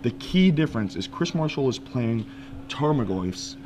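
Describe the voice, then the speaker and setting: A man's voice: medium pitch, lively intonation, normal speed, noisy background. Analytical male game commentator. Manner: analytical, with frequent fillers and restarts.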